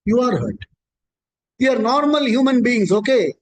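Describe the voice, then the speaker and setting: High-voiced man teaching scripture. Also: very animated, normal speed, slight background noise, low-quality recording. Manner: patient, explanatory, repeats key points. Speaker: spiritual teacher. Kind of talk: scripture discourse.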